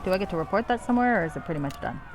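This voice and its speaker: A woman's voice: mid-range voice, animated, very fast, noisy background. A woman streaming a game, making wry, profane remarks. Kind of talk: casual game stream commentary.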